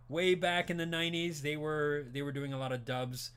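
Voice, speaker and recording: A man's voice: on the high side, fairly quick, hardly any pauses, a bit bright, clear, resonant tone. A man in his late forties or fifties hosting an anime talk stream, chatting casually and animatedly, rambling with frequent restarts, and laughing as he answers his chat. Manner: laughs while talking, reads chat aloud. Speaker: podcast host.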